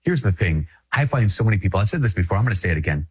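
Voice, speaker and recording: Husky low-voiced man, emphatic preacher. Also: sing-song, very fast. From Minnesota. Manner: conversational, emphatic, repeats phrases, chuckles often. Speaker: Catholic priest. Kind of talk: spoken reflection to an audience.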